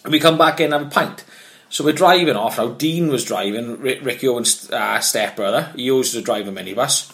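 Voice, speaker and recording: A man and former amateur boxer, telling animated, swear-filled anecdotes in casual chat. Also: medium pitch, brisk.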